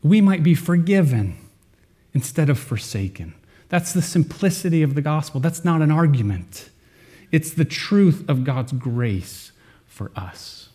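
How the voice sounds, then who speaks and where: A man preaching a sermon to his congregation, earnest, with dramatic pauses and swings in loudness. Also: on the high side, very animated. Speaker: pastor.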